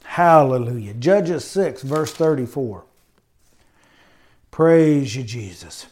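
A man's voice: mid-range voice, expressive, slow pace, a little mellow. A man preaching a sermon in an emphatic style, often adding amens and hallelujahs. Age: adult with college degree. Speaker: pastor.

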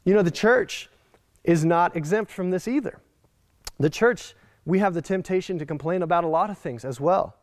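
A male pastor with a high voice preaches animatedly and slips into the voices of the people he quotes. The sound is dry and close, with no echo. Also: moderate pace. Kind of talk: sermon.

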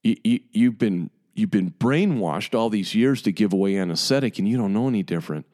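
A man in his fifties with a lowish voice, talking straight to fellow dentists. He sounds exasperated and emphatic, circling back on his words and hammering each point home in an impassioned monologue. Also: lively intonation, fairly quick, a little mellow. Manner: emphatic, exasperated, repeats himself. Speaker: dentist addressing colleagues.

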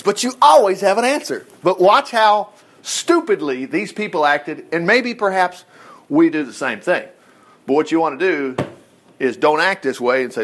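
Man, bible teacher, high voice, lively, folksy, reads and comments. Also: moderate pace. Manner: folksy and animated, reads verses aloud and comments on them.

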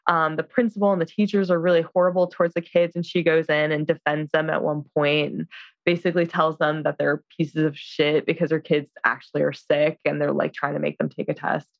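Speaking in a low voice, a woman co-hosting a podcast gives a chatty, filler-heavy film recap and performs the characters' lines. The audio is dry and slightly dull.

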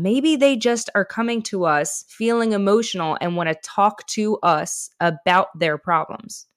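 Woman, lowish voice, frank and encouraging, self-help talk, dry close sound. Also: dry recording. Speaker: podcast host and author.

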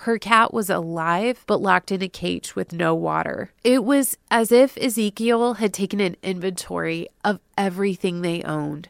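A woman host narrating a true crime story from a script, adding personal asides and dropping to a hush at the dark moments. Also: on the low side, creaky, clean tone, no echo, studio quality.

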